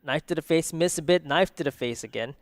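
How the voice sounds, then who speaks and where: A man giving live esports commentary, analytical and joking, quick to react. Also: on the high side, no room sound, clean studio sound. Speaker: esports caster.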